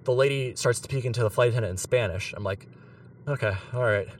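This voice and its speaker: A young man from Pittsburgh telling an animated story on a podcast, laughing and using many fillers. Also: medium pitch, fast talker, slight background noise. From Pittsburgh, USA. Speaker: podcast co-host. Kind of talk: casual storytelling. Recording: a bit far from the mic.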